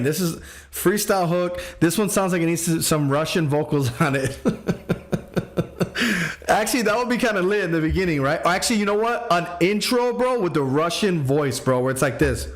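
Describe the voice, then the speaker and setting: A man's voice: fairly high pitch, lively intonation, moderate pace. A man hosting a casual livestream as a music producer, joking and rambling in slangy talk full of fillers. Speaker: music producer streaming feedback. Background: music playing.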